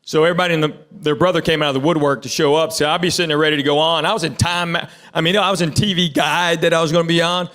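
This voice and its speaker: A man's voice: a little high, fairly even intonation, racing, few pauses, fairly bright tone. A man from Tennessee, performing a stand-up comedy set and joking casually with the crowd on a theater stage. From Tennessee, USA.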